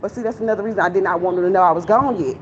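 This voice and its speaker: A young woman vlogger rambles to her viewers outdoors near a shopping center, chatty and candid, venting while out of breath on a walk. Her voice sits on the low side and races along. The lo-fi phone audio picks up traffic noise.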